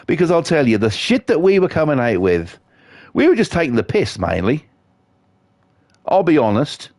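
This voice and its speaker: A middle-aged British man streaming and ranting through a stream of crude, sarcastic anecdotes. His voice sits a touch high and swings up and down a lot as he tells the stories. The sound is dry and close, with no room around him. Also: very animated, moderate pace, a little mellow, no room sound. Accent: British English. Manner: sweary, sarcastic storytelling. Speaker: livestreamer. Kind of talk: casual ranting chat.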